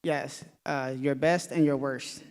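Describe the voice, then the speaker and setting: A woman's voice: rumbling low, fairly even intonation, slow pace, a little mellow. A woman fan asking a question at a panel, nervous and giggly. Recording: reverberant convention hall.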